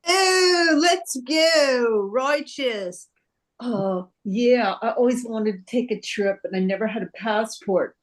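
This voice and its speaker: Slow-talking woman doing a slacker bit. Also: medium pitch, a little mellow. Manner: laid-back, slangy. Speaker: improv comedian. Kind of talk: slow improvised movie parody. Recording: video call audio.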